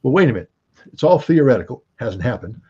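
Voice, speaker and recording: Husky, dark-voiced American man; forceful guest pundit who argues with rhetorical questions. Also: medium pitch, very animated, fast, lo-fi sound. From United States. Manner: emphatic and argumentative, fond of rhetorical questions. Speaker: guest commentator. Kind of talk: opinionated interview commentary.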